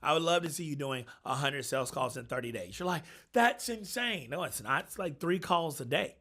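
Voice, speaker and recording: A man's voice: medium pitch, brisk, bright, forceful tone. A man in his forties, a coach and personal trainer, giving an emphatic motivational talk with punchy repeated phrases.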